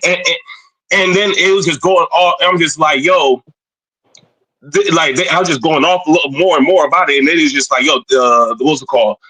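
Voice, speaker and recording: A man with a bright, forceful voice tells a heated story at a rapid clip. He is animated and keeps acting out both sides of the argument in quoted voices, in the flow of a casual chat. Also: a little high, slightly rough, poor audio.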